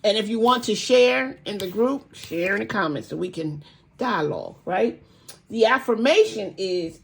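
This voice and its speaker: Faint street noise and a passing truck come through the open window as an older woman vlogs about budgeting at home. Her voice is mid-range, animated and gravelly at a normal pace, and she's chatty, encouraging and quick to laugh.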